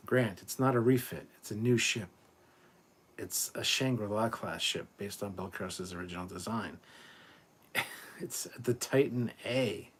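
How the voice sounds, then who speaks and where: A man's voice: lowish voice, unhurried, long pauses, a bit bright, husky. A tired man hosting a late-night livestream, reading viewer comments aloud and answering them frankly, swearing freely. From Canada. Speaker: livestream host. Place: warm room at home.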